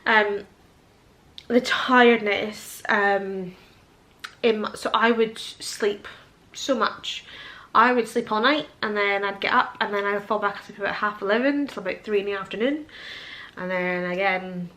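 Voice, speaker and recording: A young woman talks to the camera she holds in her hand, sitting at home. She sounds emotional and close to tears as she rambles through her thoughts. Her speech is casual and full of pauses and ums. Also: medium pitch, bright, forceful tone. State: teary and tired. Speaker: vlogger. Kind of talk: casual vlog chat. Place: at home indoors. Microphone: handheld camera.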